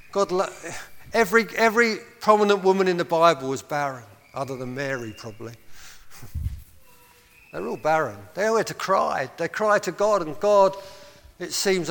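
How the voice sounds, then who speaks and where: A pastor preaches with impassioned appeals, now and then breaking into short laughs. His voice sits high for a man. It rings out with the long reverb of a church hall. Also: fairly bright tone. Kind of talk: sermon.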